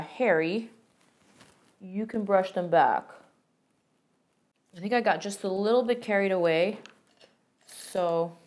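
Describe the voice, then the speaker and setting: A woman's voice: mid-range voice, darkish tone. A young woman beauty vlogger chatting enthusiastically through a makeup tutorial and product review, with playful asides.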